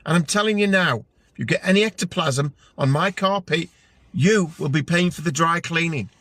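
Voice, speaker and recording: A man's voice: fairly high pitch, normal speed, fairly bright tone, no echo, close to an everyday voice. A man doing a grumpy old barman. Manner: gruff, threatening.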